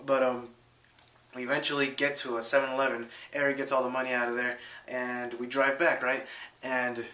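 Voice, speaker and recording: A man's voice: mid-range voice, little pitch movement, fairly quick, bright, forceful tone, roomy sound. A young man telling a story casually to his viewers, full of fillers and restarts, acting out quotes in a raised voice. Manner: rambling, many fillers and restarts. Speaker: vlogger.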